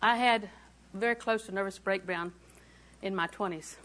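Bright, emphatic woman preacher in her sixties. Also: mid-range voice, normal speed. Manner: emphatic repetition, swings between soft asides and loud declarations. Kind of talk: sermon.

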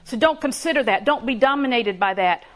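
A woman's voice: on the high side, expressive, a little fast. A woman preaching a sermon in a conversational way, laughing often and building emphasis.

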